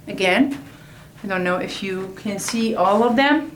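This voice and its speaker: Slow, patient woman teaching from a distance. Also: mid-range voice, a little hiss or hum. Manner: slow, repeats each word several times. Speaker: Arabic teacher. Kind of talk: slow classroom explanation at a board. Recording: echoey room, voice from off-mic.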